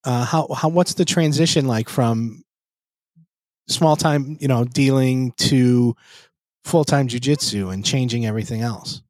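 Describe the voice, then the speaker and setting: A male podcast host asking a halting question. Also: mid-range voice, a little mellow, no room sound.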